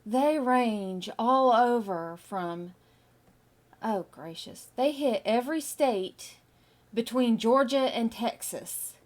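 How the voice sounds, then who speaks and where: A middle-aged woman chatting casually with her stream viewers as she draws, musing slowly with lots of fillers. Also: a little high, lively intonation. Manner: slow, musing, with many fillers. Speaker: artist streaming while drawing. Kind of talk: casual chat with live viewers.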